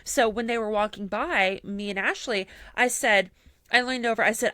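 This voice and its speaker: A woman's voice: on the high side, moderate pace, bright, forceful tone, dry recording, studio quality. A woman co-hosting a podcast, chatting casually and telling stories full of fillers and acted-out quotes. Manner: chatty storyteller, lots of fillers, acts out quotes. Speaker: podcast co-host. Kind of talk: casual chat.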